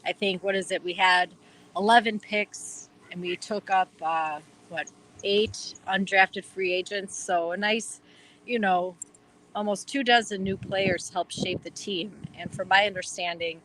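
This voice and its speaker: A woman's voice: mid-range voice, fairly even intonation, measured pace, a bit bright, a little hiss or hum, rough recording. Eager Wisconsin woman talking football. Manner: eager, rambling, lots of fillers. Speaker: podcast guest. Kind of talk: casual chat.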